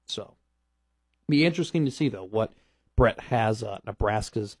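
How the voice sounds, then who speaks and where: A man's voice: on the low side, animated, moderate pace, a little mellow, husky, dry recording. A man hosting a sports radio show, talking casually and emphatically, repeating his points.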